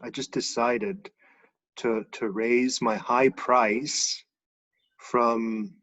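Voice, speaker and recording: A man telling a personal story in a relaxed, chuckling way, heard over a muffled video call. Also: mid-range voice, extremely slow. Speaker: guest author. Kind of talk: casual storytelling.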